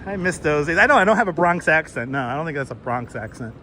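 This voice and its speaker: Animated man with a Brooklyn accent. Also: a little high, quick pace. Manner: joking, swearing, chatty with viewers. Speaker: live-stream walking tour host. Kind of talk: casual live-stream chat. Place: outdoors on busy city streets. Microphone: wireless clip-on mic. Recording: loud city street noise.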